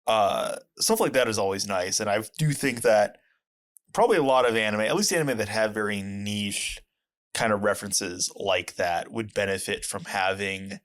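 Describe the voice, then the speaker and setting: Animated rambling male podcast host. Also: moderate pace. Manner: rambling, many fillers and restarts, animated jumps in pitch. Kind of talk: casual chat.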